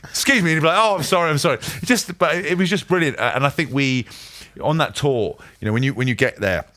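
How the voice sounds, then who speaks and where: A man co-hosting a podcast, telling rambling, animated stories in a casual chat. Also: mid-range voice, fast talker. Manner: rambling, animated storytelling with frequent laughter. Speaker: co-host.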